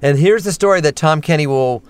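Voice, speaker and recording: A man, a voice actor and stand-up comedian, telling animated stories and slipping into character voices. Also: fairly high pitch, clear, resonant tone, no echo. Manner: lively storyteller, quick jumps into character voices. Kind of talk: animated anecdotes with voice impressions.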